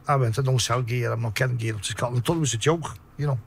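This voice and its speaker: A man with a Liverpool accent telling profane, animated stories in a casual interview. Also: medium pitch, fast talker, creaky. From Liverpool, England. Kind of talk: casual storytelling.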